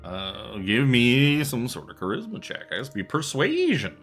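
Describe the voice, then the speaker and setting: A male dungeon master narrates a tabletop game in a loose, rambling way. His bright voice swings up and down. Soft fantasy music plays under him. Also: mid-range voice, huge pitch swings, moderate pace. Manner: casual, rambling, laughs often. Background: soft background music.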